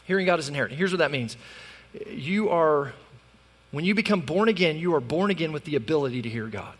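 A man preaching a sermon as pastor, conversational and animated, with sudden loud peaks. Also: on the high side, a little fast, slightly rough, in a large hall.

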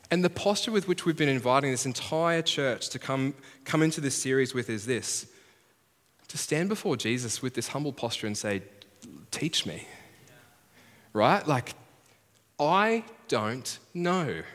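This pastor's voice is mid-range and fairly bright. He delivers a chatty sermon that pokes fun at himself, performing the voices of the people he quotes, and a long reverb fills the large heritage church hall.

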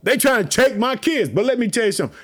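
A man with a fairly high voice preaches through a Bible passage on his podcast. He talks with energy and keeps circling back to catchphrases, all fired up. His delivery is animated and preachy, aimed at his listeners. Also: fast. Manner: energetic, preachy, repeats "let me tell you something". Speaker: podcast host.

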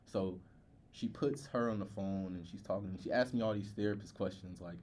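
A young man, a podcast co-host, telling a personal story in a candid, halting way with many filler words. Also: low-pitched, creaky, darkish tone, a little hiss or hum.

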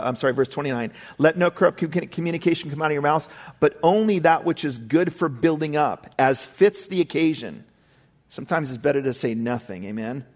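A middle-aged man delivers a sermon in an easy, conversational way. He breaks off from scripture for casual asides to his listeners, and his voice sits at an ordinary pitch. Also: darkish tone. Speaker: pastor.

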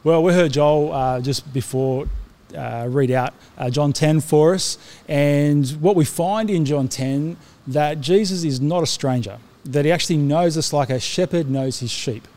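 Earnest man preaching, a touch high. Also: unhurried, dark tone. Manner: earnest, frequent restarts and fillers. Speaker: pastor. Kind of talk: sermon.

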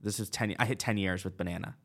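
A man's voice: sits low, fairly even intonation, quick pace, fairly bright tone, breathy edge. A man in his twenties telling a long personal story in casual chat, full of "like" and quoted dialogue. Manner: chatty, lots of "like" and quoted dialogue. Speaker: guest.

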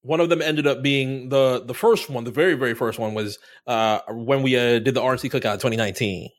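A man's voice: mid-range voice, fairly quick. A man from Florida co-hosting a podcast, telling a story in casual chat, swearing and acting out his own reactions. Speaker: podcast co-host.

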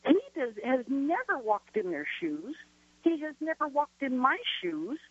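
Indignant high-voiced woman caller. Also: sing-song, measured pace, breathy edge, dry recording. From US border region. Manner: indignant, emphatic, rhetorical questions. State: emotional, near tears. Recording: dull phone line sound, dry.

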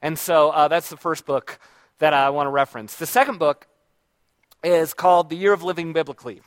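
Man, somewhat high voice, casual rambling book talk, dry sound. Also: fairly quick, no echo. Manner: rambling, reflective, with many restarts. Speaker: book reviewer.

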